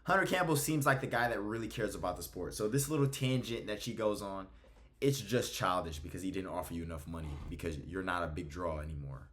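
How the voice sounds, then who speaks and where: Brief: young male host, lower register, heated and foul-mouthed rant. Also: fairly quick, a bit bright. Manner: blunt, profane, heated. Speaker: MMA commentary YouTuber. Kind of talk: ranting video commentary.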